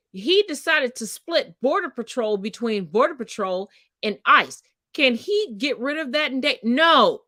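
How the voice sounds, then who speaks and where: A woman's voice: sits high, bright, forceful tone, no room sound, clean studio sound. A woman co-hosting a casual podcast, talking bluntly and swearing freely as she rants. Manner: blunt, profane, ranting. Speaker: co-host.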